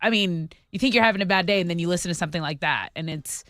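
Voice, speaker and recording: A radio co-host talking reflectively on a morning show, quick when on a roll. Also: medium pitch, a bit bright, no echo, clean studio sound.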